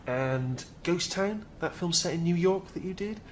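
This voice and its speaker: A man's voice: sits high, lively intonation, measured pace, slight background noise. A man playing a hesitant, awkward agent in a scripted sitcom.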